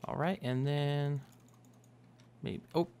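A man's voice: fairly high pitch, steady tone, takes it slowly, creaky, dark tone, clean tone. A young man giving casual, rambling commentary while playing a building game, joking and correcting himself as he talks. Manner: rambling, self-correcting, jokey. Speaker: gaming YouTuber. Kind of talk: casual Minecraft let's play commentary.

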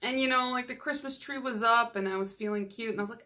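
A woman's voice: a little high, fast talker, sharp tone. Chatty self-mocking woman vlogger. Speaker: nail polish channel host. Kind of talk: casual vlog chat.

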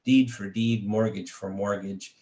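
A man, a creative writing teacher, reading his short fiction aloud in a steady, measured way. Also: fairly low pitch. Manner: steady, measured, occasional restarts. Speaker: creative writing faculty reader. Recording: echoey room.

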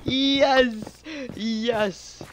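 A man playing a video game with a friend, excitable and prone to giggling. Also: very high voice, drawn-out words, a little hiss or hum. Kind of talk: casual gaming banter. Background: background music.

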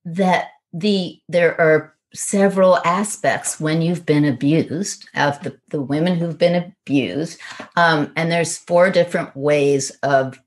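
A woman with a low, grounded voice tells a personal story on a podcast. She speaks earnestly and reflectively, acting out both sides of a remembered conversation. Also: steady tone, takes it slowly. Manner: earnest, reflective, retells dialogue in quotes.

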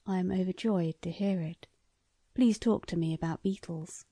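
A shrewd, eager older lord speaks in a lowered, softened voice, as a woman reads him. He probes politely and sounds mellow and close to the mic, in a dry room. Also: normal speed, husky, no echo. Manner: courteous, probing, soft-spoken.

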